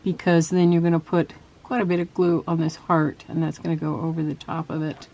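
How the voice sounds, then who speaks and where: A woman hosting a casual crafting tutorial, talking softly and trailing off as she works at her table. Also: low-pitched, completely flat delivery, fairly quick. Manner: soft-spoken, chatty, trails off while working. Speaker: craft video host.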